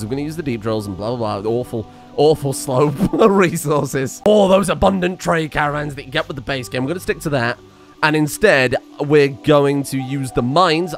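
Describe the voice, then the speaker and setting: A young man giving excitable, sarcastic let's-play commentary and laughing often. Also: on the high side. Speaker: gaming channel host.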